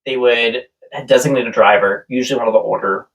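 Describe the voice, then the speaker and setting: A man's voice: medium pitch, steady tone, a little fast, creaky, muffled recording, slight background noise. A man telling a rambling story in casual podcast chat, often laughing. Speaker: podcast co-host. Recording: voice a bit far from the mic.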